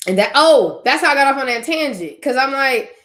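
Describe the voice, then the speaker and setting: A young faith vlogger talks casually and tearfully in a personal vlog, drifting into tangents and laughing through tears between thoughts. Her voice sits high, expressive and fairly bright, at a fairly quick pace, with a roomy sound.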